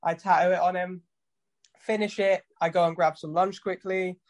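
A tattoo artist chats casually in an interview, his high-pitched voice flat and moving at a moderate pace. He tells loose, sweary stories and acts out the conversations in them.

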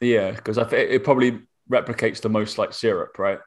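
A man's voice: on the low side, steady tone, a little fast. A young man in a casual chat who laughs often and reads out product labels. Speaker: co-host.

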